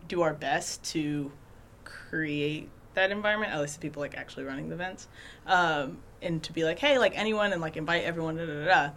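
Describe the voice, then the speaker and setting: A young woman co-hosting a student podcast, chatting casually in a slightly raspy voice. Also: deep voice, a little fast, a bit bright, slight background noise. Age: young adult. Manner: chatty, frequent "mm-hmm" backchannels. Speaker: co-host.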